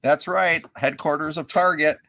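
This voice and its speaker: A man's voice: a little high, fairly even intonation, moderate pace, pushed and bright. A man from Minnesota with an Upper Midwest accent, a friendly guest who jokes and laughs easily in casual chat.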